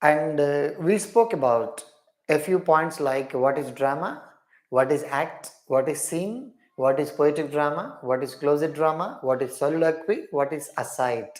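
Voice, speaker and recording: Indian teacher running a live quiz class. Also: male voice, fairly high pitch, lively intonation, a little slow, darkish tone. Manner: repeats questions and praises each answer with "wonderful". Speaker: English literature teacher. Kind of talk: live online class quizzing students.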